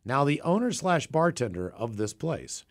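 A man's voice: mid-range voice, very animated, moderate pace. A man from the Seattle area, co-hosting a podcast, telling a profane, rambling story in casual chat. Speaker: podcast co-host.

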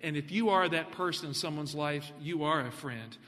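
Man, preacher, sermon, bright forceful tone, lively questions to the congregation. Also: a little high, moderate pace, in a large hall. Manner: animated, asks the congregation questions.

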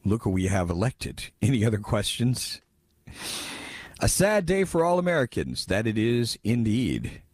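A male radio host talks with a low, lively voice, jumping between sarcasm and mock surprise as he reads listener texts. He chuckles at his own jabs. The studio sound is close and dry. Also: unhurried, no echo. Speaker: radio talk show host. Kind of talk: casual talk radio commentary. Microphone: studio microphone.

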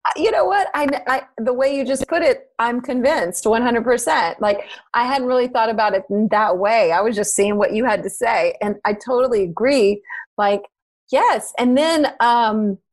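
A woman's voice: a little high, normal speed. Effusive woman podcast host. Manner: effusive, laughing often, many fillers. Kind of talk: casual podcast chat.

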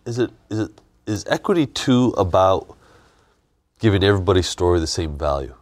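Deep-voiced man host asking questions. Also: lively intonation, fairly quick, a little mellow, no room sound, clean studio sound. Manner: brief, curious interjections. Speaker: talk show host. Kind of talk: interview questions.

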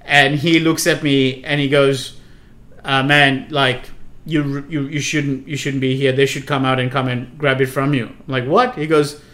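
A man's voice: medium pitch, level tone, normal speed, a bit bright. A man telling a story in a casual podcast chat, swearing freely and laughing hard at his own tale. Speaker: podcast co-host.

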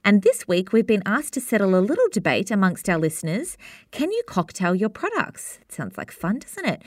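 A woman's voice: mid-range voice, a bit bright, no room sound, clean studio sound. A pregnant woman in her thirties, co-hosting a podcast and telling stories in a chatty way with frequent laughs. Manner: chatty storyteller, laughs often. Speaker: podcast co-host. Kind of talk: casual chat.

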